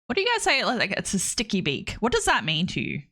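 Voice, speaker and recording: A woman's voice: medium pitch, huge pitch swings, quick pace, fairly bright tone. An Australian woman streaming games, chatting casually in a rambling way and laughing often. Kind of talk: casual livestream chat.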